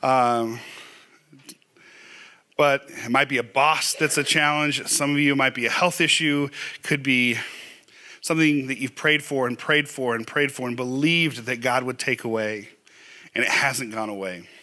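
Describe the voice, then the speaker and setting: Man, middle-aged, church sermon, bright tone, earnest, conversational, pleading. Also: medium pitch, fairly even intonation, a little slow. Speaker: pastor. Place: church sanctuary.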